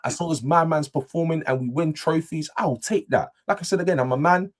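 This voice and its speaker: A young man talks fast on a fan panel show. He is animated and repeats his points over and over. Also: fairly high pitch. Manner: animated, repeats himself, self-deprecating. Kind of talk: casual football fan chat.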